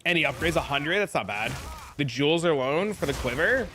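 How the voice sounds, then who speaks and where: A man streaming a game, chatting casually, excitable and swearing often as he thanks his viewers. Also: fairly high pitch, a little fast, a little hiss or hum. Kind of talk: casual live-stream chat.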